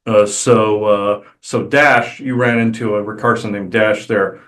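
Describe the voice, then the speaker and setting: A man channeling on a spiritual podcast, talking casually and haltingly with many "uh" fillers and restarts. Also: fairly low pitch, fairly even intonation, a bit bright. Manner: hesitant, many "uh" fillers, rambling.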